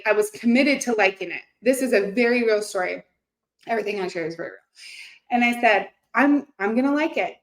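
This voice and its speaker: A woman in her thirties talking earnestly and casually to her viewers, with many fillers and restarts. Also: mid-range voice. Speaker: host. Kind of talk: casual motivational talk to camera. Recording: echoey room.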